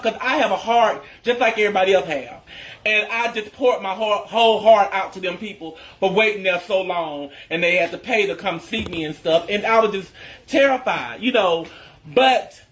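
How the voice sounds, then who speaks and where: A man's voice: sits high, fairly bright tone. A man who creates social media content, telling a casual story to his followers in a chatty, emphatic way and addressing them as y'all.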